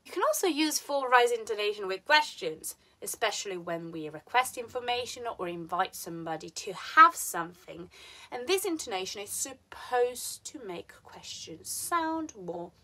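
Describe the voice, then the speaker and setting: A woman with an Italian accent teaching English intonation, speaking slowly and clearly and exaggerating the rise and fall of her example sentences. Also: fairly high pitch, very animated, fairly bright tone. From Italy. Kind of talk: lively scripted lesson with spoken example sentences.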